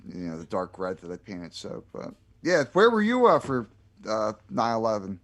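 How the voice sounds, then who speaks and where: A man with a Delaware County Philadelphia accent, co-hosting a podcast in relaxed casual chat, leaning on "you know" fillers. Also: on the low side, moderate pace. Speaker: podcast co-host.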